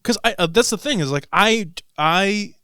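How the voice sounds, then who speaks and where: Lively animated man telling a story. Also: moderate pace, smooth, no echo, clean studio sound. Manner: animated storyteller, mimics others with big swings in pitch and volume. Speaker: podcast host. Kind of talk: casual chat.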